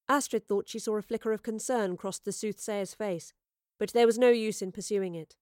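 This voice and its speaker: Female narrator, steady storybook delivery, dry booth sound. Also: fairly low pitch, normal speed, smooth, no room sound. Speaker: audiobook narrator.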